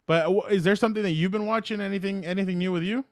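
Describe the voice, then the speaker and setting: A man's voice: sits high, steady tone, racing, no room sound, studio quality. A man in his thirties co-hosting a podcast, chatting casually, rambling and laughing easily. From Latino American. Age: 30s. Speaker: podcast co-host. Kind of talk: casual chat.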